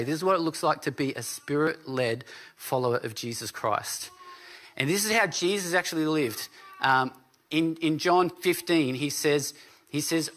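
A man's voice: a little high, a bit bright. A man preaching a sermon as pastor, telling a story in a casual way and often checking in with his listeners. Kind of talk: conversational sermon.

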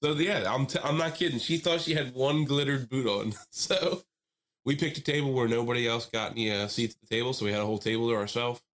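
Animated male podcast storyteller. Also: mid-range voice, fast talker. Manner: animated storyteller, acts out voices, laughs often. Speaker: podcast co-host. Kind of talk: casual storytelling chat.

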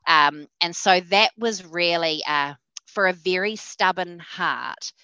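A woman with a New Zealand accent, a podcast guest telling her personal faith story in a lively way, acting out the voices of the people she quotes. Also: fairly low pitch, slow, clean tone, no echo.

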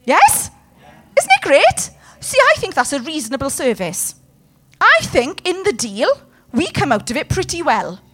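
A woman's voice: sits high, huge pitch swings, a little slow, a bit bright, a little hiss or hum. A woman preaching a sermon with passion, putting questions to her congregation. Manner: impassioned, talks to the room with questions.

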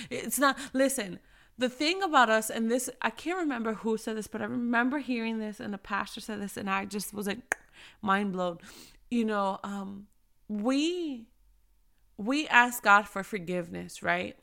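A woman giving a casual Christian devotional talk to other women, encouraging and preachy, who slows down to stress key phrases and talks straight to her listeners. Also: fairly high pitch, expressive, fairly bright tone.

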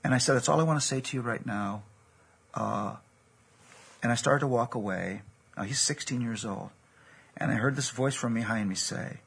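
A man's voice: fairly low pitch, normal speed, a bit bright. A man preaching a sermon, telling a personal story in an earnest, storytelling way. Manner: gravelly, husky, earnest storytelling.

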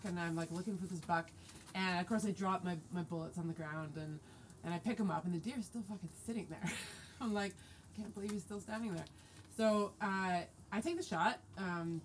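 Brief: woman, forties, lower voice, animated storyteller, light noise behind. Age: 40s. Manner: lively, animated retelling with quoted dialogue. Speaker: guest telling a hunting story. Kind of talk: casual storytelling.

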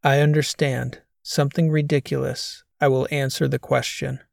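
A man voicing a confused, shaken male operative who talks slowly and sounds bewildered in an audiobook. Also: medium pitch, level tone, gravelly, a little mellow, no echo, studio quality. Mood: dazed. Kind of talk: audiobook character voice.

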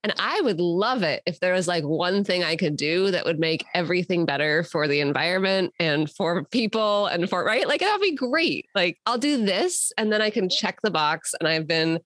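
A woman's voice: on the low side, animated, normal speed, hardly any pauses, fairly bright tone, dry recording, studio quality. A woman talking as a podcast guest, thoughtful and reflective, with many "like"s and "right?"s. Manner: thoughtful, heavy use of "like" and "right?". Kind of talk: conversational discussion.

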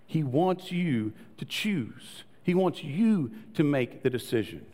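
A man preaching a sermon, telling a story with lively voices for the people in it and sinking to soft, low tones to make a point. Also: slow pace. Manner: animated storytelling, acting out quoted voices, dropping to soft low tones for emphasis. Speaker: pastor. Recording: long reverb of a large hall.

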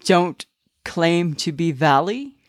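A woman's voice: fairly low pitch, lively intonation, dry recording, clean studio sound. Chatty woman podcaster. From Canada. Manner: chatty, playful, drawn-out rambling. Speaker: podcast co-host. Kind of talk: casual chat.

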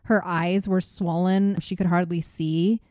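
A woman's voice: lowish voice, level tone, a little slow, mellow, dry recording, studio quality. A woman hosting a casual true-crime podcast, telling the story and laughing often with her co-host.

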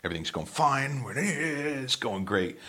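A man's voice: mid-range voice, sing-song, a little slow, bright, forceful tone, slight background noise. A man, a musician, telling rambling anecdotes in casual chat, with plenty of ums. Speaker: musician guest.

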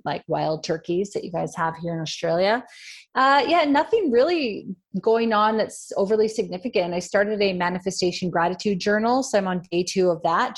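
A woman co-hosting a podcast, talking in a relaxed and rambling way with many fillers. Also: medium pitch. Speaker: podcast co-host. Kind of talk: casual podcast chat.

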